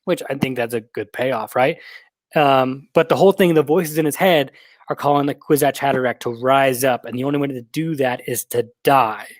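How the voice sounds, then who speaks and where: A man co-hosting a podcast, chatting casually and retelling film scenes with lively acted-out quotes. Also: mid-range voice, normal speed, dry recording. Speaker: podcast co-host. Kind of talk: casual film recap chat.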